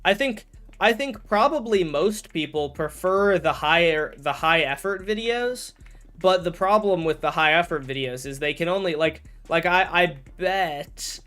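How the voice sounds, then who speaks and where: A man streams a game while chatting casually, rambling, correcting himself and putting on jokey mock outrage. His voice is on the high side, smooth, with a fairly bright tone.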